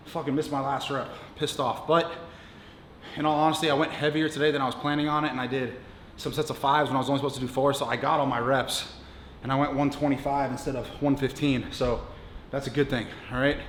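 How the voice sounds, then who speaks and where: Brief: profane male strength coach in his thirties, slightly high voice, echoey gym room with faint hum. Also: fairly bright tone. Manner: blunt, profane, coaching instructions between lifts. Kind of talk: gym workout vlog talk. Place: gym, indoors.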